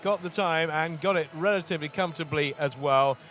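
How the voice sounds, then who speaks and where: A man commentating live on a swimming race, lively and full of times and stats. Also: on the high side, faint music behind. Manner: lively, quick-talking, stats-heavy. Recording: loud crowd in the arena. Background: crowd noise.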